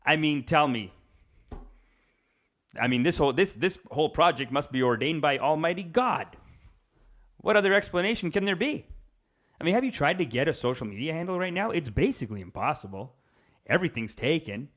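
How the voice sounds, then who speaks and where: A young adult man doing a rambling comedic monologue as a podcast host, jumping into quick character voices. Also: a little high, expressive, fairly bright tone.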